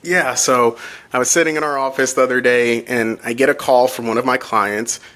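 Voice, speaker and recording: A man's voice: mid-range voice, steady tone, moderate pace, fairly bright tone. Earnest man telling stories as a guest. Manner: earnest storyteller, frequent restarts and "you know". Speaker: home care agency owner, guest. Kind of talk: casual interview.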